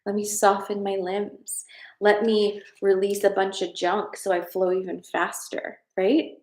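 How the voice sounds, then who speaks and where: A woman's voice: medium pitch, little pitch movement, a little slow, darkish tone. Woman host, casual heartfelt live-stream chat from home, roomy sound. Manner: casual, chatty, reads viewer comments, gets emotional. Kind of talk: live-stream spiritual card reading chat. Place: at home, in a room of her house.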